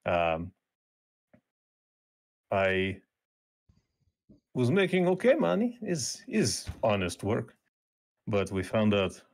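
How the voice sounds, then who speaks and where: Grave Ukrainian father, played by a man in a tabletop game, low voice, halting broken English, Ukrainian accent. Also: full character voice. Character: weary Ukrainian male factory worker, desperate father. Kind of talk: tabletop role-play in character.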